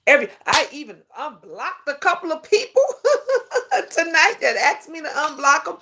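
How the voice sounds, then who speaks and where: A sassy woman hosts a casual livestream chat, calling her viewers honey and boo. Her voice sits fairly high and swings widely in pitch. She greets people in a sing-song way and preaches about respect. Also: sing-song, moderate pace, bright, forceful tone. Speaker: livestream talk show host.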